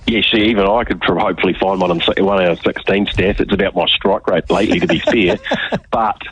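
A man giving relaxed, chatty betting tips on a radio segment, with frequent fillers, over a dull lo-fi line. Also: sits low, a little fast, husky. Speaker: betting tipster.

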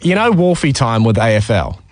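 A man, co-hosting sports talk radio in an eager, animated way. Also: mid-range voice, a little fast, dry recording. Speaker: radio co-host.

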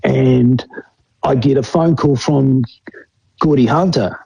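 A man's voice: medium pitch, slow, vocal fry, warm tone, husky, dry recording, dull audio. A middle-aged man with a New Zealand accent, telling old rugby stories in a rambling, casual way and laughing often. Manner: rambling, laughs often, acts out quoted voices. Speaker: former rugby player guest. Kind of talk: casual storytelling interview.

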